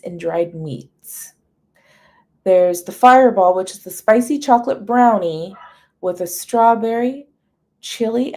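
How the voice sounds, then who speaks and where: A chatty woman hosts a live stream with a warm, mellow voice. She reads menu items aloud as long lists and greets her viewers by name. Her talk is easygoing and casual. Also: on the high side. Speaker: livestream host.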